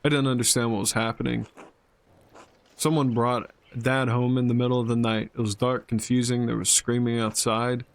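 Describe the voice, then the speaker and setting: A man's voice: mid-range voice, level tone, normal speed, close to an everyday voice. A man voicing a caring adult daughter of an old villager in a narrative game, reading the lines aloud in a plain voice. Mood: sad.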